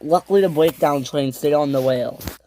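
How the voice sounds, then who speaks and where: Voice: medium pitch, normal speed, mellow, a little hiss or hum. The maker of a home-made toy train series narrating the story loosely, with restarts.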